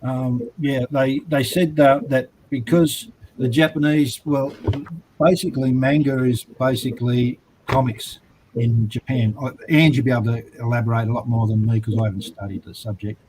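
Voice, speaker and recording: A man's voice: mid-range voice, fairly even intonation, moderate pace, darkish tone, slight background noise, low-quality recording. Laid-back Australian man chatting. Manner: rambling, laid-back, many fillers. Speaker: host. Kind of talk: casual chat.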